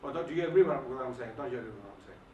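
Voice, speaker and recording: A man giving an emphatic, animated lecture and firing questions at the audience, recorded in a hall. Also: medium pitch, very fast, lo-fi sound, a little hiss or hum. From Germany. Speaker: guest lecturer. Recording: echoey hall, mic at a distance.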